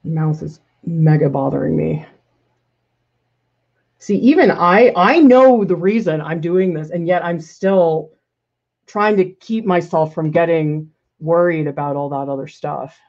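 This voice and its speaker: A woman art teacher talks through a live painting demo in a relaxed, self-critical way, laughing now and then as she answers viewers. Her voice sits on the low side, and the recording sounds slightly dull and lo-fi. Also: measured pace. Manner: casual, self-critical thinking aloud, laughs often. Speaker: art professor. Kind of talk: live painting demonstration with chat questions.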